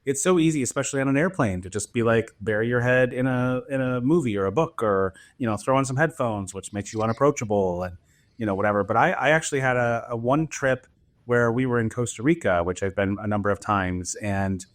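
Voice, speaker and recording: A man's voice: mid-range voice, fairly quick. A man hosting a podcast, asking questions in a casual, curious way with many fillers. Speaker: podcast host. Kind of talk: casual interview chat.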